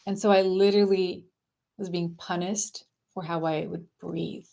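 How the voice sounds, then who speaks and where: A woman coaching viewers on a casual live stream, talking in a soft, dreamy and effusive way. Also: mid-range voice, fairly even intonation, moderate pace. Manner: gushing, affectionate and effusive; soft, dreamy spiritual phrasing.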